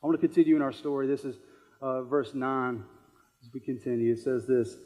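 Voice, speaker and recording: A man's voice: medium pitch, flat delivery, a little fast, muffled recording. A man preaching a sermon as pastor in a church service, earnest and repeating phrases for emphasis.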